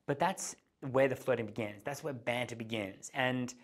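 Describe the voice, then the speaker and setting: Speaking at a moderate pace, this dating coach explains things step by step, and he plays out his examples by varying how fast and how high he talks.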